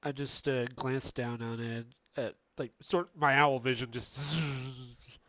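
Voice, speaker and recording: A man's voice: mid-range voice, fairly even intonation, takes it slowly, fairly bright tone. A man playing a tabletop game, chatting casually and laughing often, at times with a slight lisp. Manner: laughing often, lisping at moments. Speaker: tabletop player.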